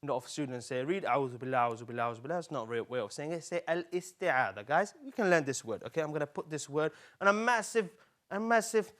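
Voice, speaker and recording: A man hosting a live children's Quran lesson, speaking in an animated and coaxing way and repeating words slowly for young learners. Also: fairly high pitch. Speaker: Quran teacher.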